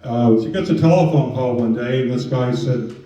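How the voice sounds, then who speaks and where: A man's voice: medium pitch, moderate pace, dark tone. A man giving a storytelling talk on scams to an audience in a museum room, conversational, with many fillers. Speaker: presenter on scams. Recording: roomy, distant, dull sound.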